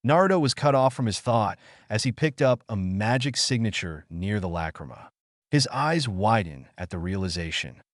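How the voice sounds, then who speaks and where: Male narrator for fan story reading; animated delivery, dry. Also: lowish voice, normal speed, no echo. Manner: storytelling, reads all parts.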